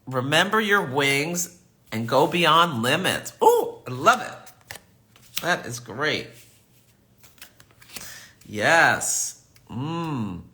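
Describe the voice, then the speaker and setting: A man's voice: a little high, very animated, extremely slow, long pauses, bright, forceful tone. A man hosting a live astrology reading, chatty and affirming as he answers viewer comments. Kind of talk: live-stream reading and chat.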